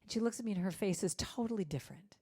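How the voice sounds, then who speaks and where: A woman's voice: mid-range voice, animated, racing, dark tone, slightly rough. A woman giving a storytelling sermon at a church service, acting out the voices of the people in her anecdotes. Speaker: guest speaker at a church service.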